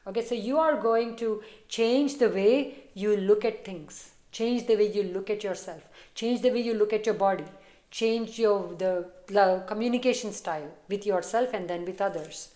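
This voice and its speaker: A woman giving a casual, encouraging tarot reading to camera on a phone, sometimes dropping to soft murmurs. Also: medium pitch, moderate pace, echoey room. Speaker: tarot reader.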